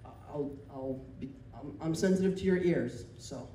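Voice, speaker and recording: A man doing live stand-up, telling a story in a rambling, animated way. He often laughs as he talks and breaks off into asides and restarts. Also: on the high side, a little slow, far from the mic. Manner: self-interrupting with restarts and asides. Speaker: stand-up comedian. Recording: roomy venue taped from afar. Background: audience laughter and room noise.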